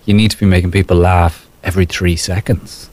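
A man's voice: sits low, brisk, no room sound. A middle-aged Irish man, a comedian guest, chatting casually and animatedly in a radio interview. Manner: chatty, animated, laughs often.

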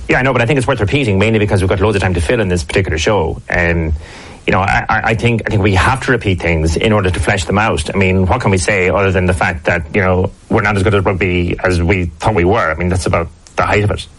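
Deep-voiced pundit, fast, goes round in circles deadpan. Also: male voice. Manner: repetitive, waffling, deadpan. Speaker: radio rugby pundit. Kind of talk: comedy sketch of a sports radio show.

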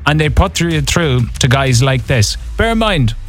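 A man's voice: fairly high pitch, big pitch swings, measured pace. Man, radio host, casual storytelling, faint background music. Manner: chatty, storytelling.

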